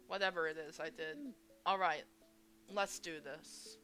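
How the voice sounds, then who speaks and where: A woman's voice: deep voice, fairly even intonation, unhurried, pushed and bright, soft background music. A woman reading a visual novel's anxious protagonist, narrating worried inner monologue. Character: anxious young protagonist, self-blaming. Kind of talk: voicing a visual novel aloud.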